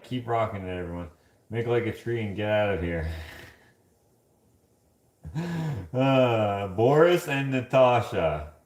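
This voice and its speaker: A man's voice: fairly low pitch, darkish tone, echoey room. A man hosting a casual live stream, chatting and joking with viewers while he does the dishes in his kitchen. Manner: chatty, joking, laughs often. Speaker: livestream host reading chat. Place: home kitchen.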